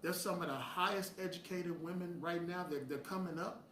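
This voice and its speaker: A man's voice: high voice, normal speed, fairly bright tone, distant mic. A blunt, preachy middle-aged man holds forth in a slightly raised voice. He sounds set back from the mic in a roomy, echoing space with faint ambient noise. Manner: blunt, preachy, heated bursts. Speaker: host. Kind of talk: opinionated direct-to-camera talk.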